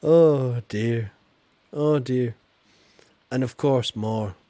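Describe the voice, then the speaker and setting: A man's voice: mid-range voice, very slow, mellow, dry recording. A man with a Yorkshire accent chatting casually as he streams a game, reading chat aloud and joking at his own expense. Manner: chatty, self-deprecating, reads chat aloud. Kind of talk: casual livestream commentary.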